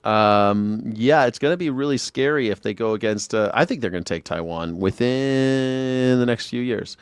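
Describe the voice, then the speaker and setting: A man's voice: mid-range voice, normal speed, smooth, no echo. A man hosting a live news reaction show, talking bluntly and sarcastically, with frequent swearing. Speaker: host.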